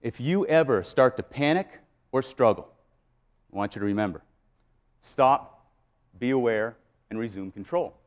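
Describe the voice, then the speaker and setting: A man voicing a steady male skydiving instructor who gives firm, instructive orders. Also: medium pitch, a little slow, pauses often, natural voice. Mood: instructing.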